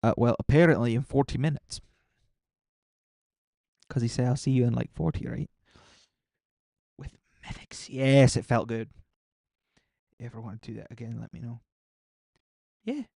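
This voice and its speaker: A young man talks casually to his live-stream audience, rambling and answering chat messages as they come in. His voice has a gravelly edge to it. The sound is dry and close, with no room echo. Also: mid-range voice, normal speed, pauses often, warm tone. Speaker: gaming streamer.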